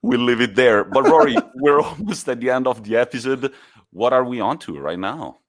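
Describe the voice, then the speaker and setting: A man's voice: medium pitch, animated, normal speed. A man with an Italian accent, a native Italian speaker co-hosting a casual podcast, teasing and laughing often, with some slips in his English. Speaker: podcast co-host.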